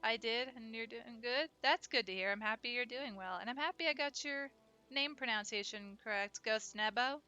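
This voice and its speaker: A woman's voice: on the high side, normal speed, hardly any pauses, pushed and bright. A woman streaming a game, chatting casually and rambling to her viewers. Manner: chatty, rambling, friendly to chat. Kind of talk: casual live-stream chat.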